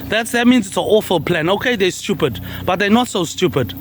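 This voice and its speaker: High-voiced man rambling in loose monologue. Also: lively intonation, fairly quick, a little hiss or hum. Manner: stream-of-consciousness, repetitive, tacks "mate" onto lines. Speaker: social media personality.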